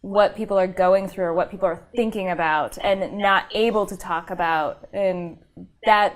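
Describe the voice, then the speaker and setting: A woman's voice: medium pitch, moderate pace. A woman who founded and runs a theater company, answering interview questions thoughtfully, with fillers and easy laughs.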